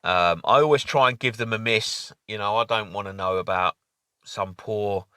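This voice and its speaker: A man's voice: on the low side, moderate pace, bright, forceful tone, smooth, dry recording, studio quality. A man talking casually to camera in a rambling opinion monologue with many fillers and restarts. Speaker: vlogger.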